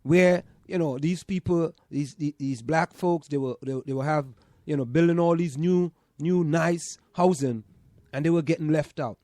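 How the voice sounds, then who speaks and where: Trinidadian guy chatting on a podcast, mellow voice, stammers and restarts a lot, dry close mic. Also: a little high, moderate pace, no echo. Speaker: podcast co-host. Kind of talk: casual chat.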